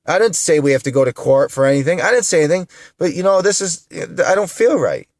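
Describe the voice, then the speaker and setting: A man's voice: on the high side, expressive, fairly quick, no room sound, studio quality. A man in his thirties from upstate New York, venting to the camera in an upset, indignant way, tearful and repeating himself. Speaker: vlogger.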